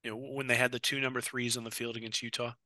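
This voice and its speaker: A man co-hosting a football podcast in casual chat, long-winded and animated, often repeating words as he restarts. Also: medium pitch, fast, dry recording. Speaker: co-host of a college football podcast. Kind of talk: casual sports talk.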